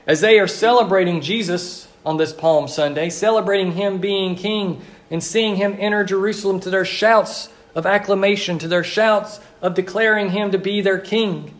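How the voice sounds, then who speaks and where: A pastor preaches a sermon in a noticeably high male voice. His earnest delivery follows a repetitive liturgical cadence, slowing on emphatic phrases.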